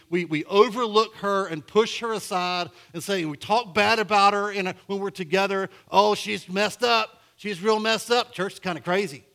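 A middle-aged male pastor preaching a sermon, telling a story with a voice that goes from hushed and low to loud and emphatic.

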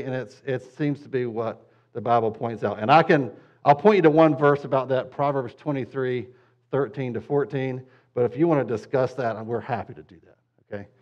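A man's voice: mid-range voice, darkish tone, lo-fi sound. A pastor teaching parents in a casual, conversational way, with joking asides, who keeps checking in with his listeners.

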